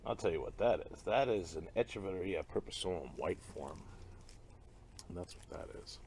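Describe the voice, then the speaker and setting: A man's voice: deep voice, animated, moderate pace, gravelly, darkish tone, slight background noise. A man casually chatting as a gardening vlogger while unboxing plants, enthusiastic and talkative, sometimes dropping to a whisper.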